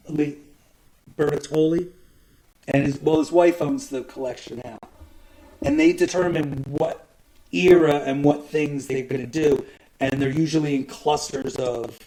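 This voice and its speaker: Male host, casual and meandering, fairly high voice, keeps clearing his throat. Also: poor audio. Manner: rambling, profane, frequent throat-clearing. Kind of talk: casual rambling monologue.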